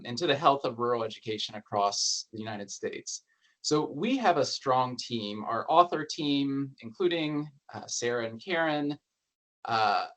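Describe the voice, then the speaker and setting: A man presents findings from an education research report at an academic forum. His voice sits at an ordinary middle pitch, and his delivery is relaxed and conversational, with the odd dry aside.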